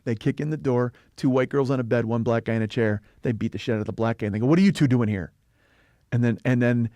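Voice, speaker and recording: A man co-hosting a casual film podcast, fast and animated, acting out lines and swearing freely. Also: mid-range voice, no room sound, clean studio sound. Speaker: podcast host. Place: podcast studio. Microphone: studio mic.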